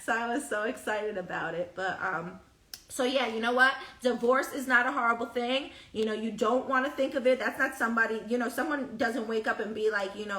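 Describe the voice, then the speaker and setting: A woman hosting her own podcast, candid and emotional, laughing easily and acting out what others said. Her voice sits a little high and sounds bright and forceful. She is a bit away from the mic in a roomy, echoey space. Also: normal speed, distant mic. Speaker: podcast host. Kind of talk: solo podcast talk.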